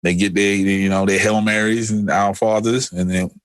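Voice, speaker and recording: A man in his thirties co-hosting a podcast, telling stories in a casual, animated way and acting out what other people said. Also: fairly low pitch, normal speed. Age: 30s. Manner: animated storyteller who acts out other people's lines. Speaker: podcast co-host. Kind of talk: casual chat.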